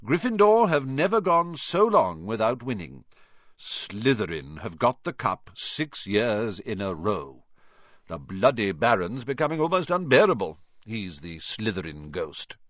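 A man voicing a stiff, formal old ghost gentleman with a pompous manner. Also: lowish voice, sing-song, a little slow, dry recording, highs cut off, heavily acted. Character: stiff, courtly old male ghost, easily miffed.

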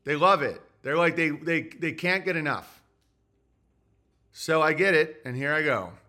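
A man's voice: a little high, unhurried, sharp tone. A man hosting a solo livestream, reading super chats in a grumpy, sarcastic ranting way.

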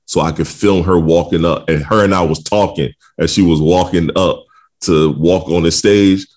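Very deep-voiced laid-back man. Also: steady tone, moderate pace, a little mellow. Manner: laid-back, rambling with many fillers and laughs. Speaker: podcast co-host. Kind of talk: casual chat.

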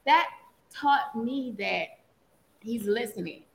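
Woman co-host, high-ish gravelly voice, animated storyteller. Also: slow pace, a little hiss or hum. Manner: animated storytelling, laughs often, acts out quotes. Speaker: podcast co-host, mother. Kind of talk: casual chat.

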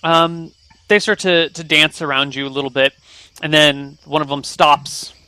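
A man narrates a tabletop game as game master, relaxed and conversational. His voice is bright and a little high for a man, recorded close and dry. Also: a little slow, clear, resonant tone, no echo.

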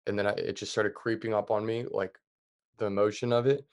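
A young adult man calmly retelling a story as a podcast guest, with plenty of fillers and loose, plain phrasing. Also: fairly low pitch, a little fast. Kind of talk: casual storytelling.

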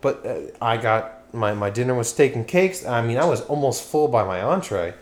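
With a medium-pitched, expressive voice and a moderate pace, this podcast host, a young man from Pennsylvania, keeps things casual. His talk wanders, includes swearing, and he sometimes forgets where he was going.

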